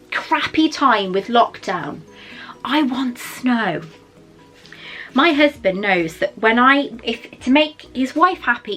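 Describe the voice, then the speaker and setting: A Welsh vlogger in her forties chats through an unboxing at home, getting emotional and drifting into asides. Her voice runs on the high side, pushed and bright.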